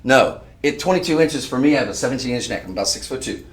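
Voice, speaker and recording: A man hosting a live-stream jewelry sale, talking to viewers in a chatty, emphatic sales pitch. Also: animated, fast talker, echoey room, far from the mic. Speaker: shopping channel host.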